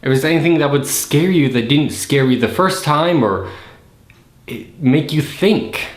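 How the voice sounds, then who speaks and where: A man's voice: a little high, unhurried. A man hosting a podcast who casually and sarcastically tears apart a horror movie scene by scene. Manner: sarcastic, acts out scenes in silly voices. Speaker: podcast host. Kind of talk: casual comedic movie critique. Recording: roomy echo.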